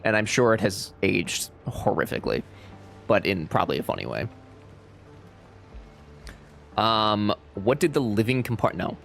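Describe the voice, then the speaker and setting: A man's voice: on the low side, animated, moderate pace, gravelly, a bit bright, soft background music. A young man casually commenting on a game he is playing, joking and swearing, and reading game lines in silly accents. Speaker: streamer.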